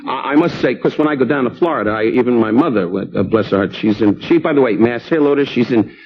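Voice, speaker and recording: Fifty-something man firing off insult jokes. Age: 50s. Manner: rapid insult jokes, mock sincerity, high put-on voices in quotes. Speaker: comedian guest. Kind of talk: talk show banter. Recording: muffled old TV broadcast with hiss.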